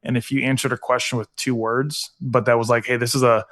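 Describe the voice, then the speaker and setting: A man's voice: medium pitch, level tone, brisk, fairly bright tone. A middle-aged man talking earnestly in a casual podcast interview, with lots of fillers. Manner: conversational, many fillers, earnest. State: getting emotional, teary. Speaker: guest, foundation founder.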